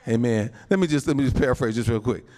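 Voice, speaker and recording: A male pastor preaching a sermon, animated, often calling out to the congregation and breaking into shouts and laughs. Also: medium pitch, quick pace. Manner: calls out to the congregation.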